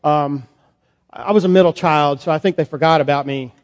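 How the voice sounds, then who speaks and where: A man, a priest, performing a first-person Bible monologue in a sermon, conversational and halting with fillers. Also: on the high side. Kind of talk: dramatic monologue as Peter in a sermon. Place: church sanctuary. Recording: long church reverb.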